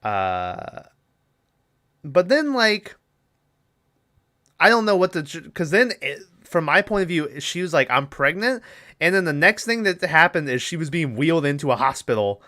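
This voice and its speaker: Young man, podcast co-host, casual movie recap, rambling, profane, lively pitch. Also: moderate pace. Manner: rambling, profane, acts out lines from the film.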